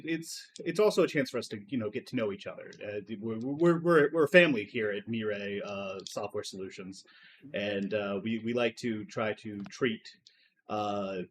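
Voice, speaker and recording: A man's voice: lowish voice, slight background noise, close to an everyday voice. A man voicing a nervous, sweating male company recruiter who stammers and keeps losing his train of thought.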